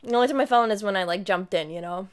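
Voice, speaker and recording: A woman's voice: medium pitch, rapid-fire, clean tone. A young woman in her twenties chatting casually to her live stream audience, telling a story and acting out what she and her friends said.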